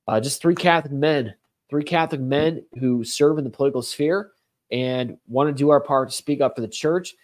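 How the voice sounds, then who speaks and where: A man's voice: mid-range voice, moderate pace. A man hosts a talk show, moving between commentary and reading a letter aloud. He speaks earnestly and presses hard on key words. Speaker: host.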